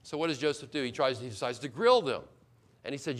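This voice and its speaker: A man's voice: medium pitch, a little fast. A man preaching an expository sermon as pastor, earnest and emphatic, repeating key points and often restarting mid-phrase.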